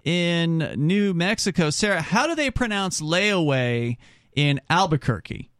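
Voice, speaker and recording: Higher-voiced talk radio host. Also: male voice, animated, unhurried, fairly bright tone, dry recording, clean studio sound. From Florida.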